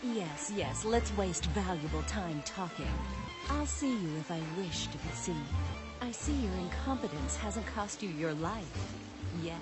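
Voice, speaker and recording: A woman's voice: lowish voice, expressive, measured pace. An actress voicing a haughty, dismissive female silver dragon warrior in a game cutscene, cold and condescending, with music playing behind. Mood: scornful.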